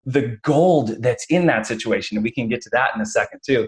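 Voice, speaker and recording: A man hosting a conversational interview, telling a lively story and acting out the voices of people in it. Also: medium pitch, brisk. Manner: animated storyteller, acts out quotes. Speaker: podcast host.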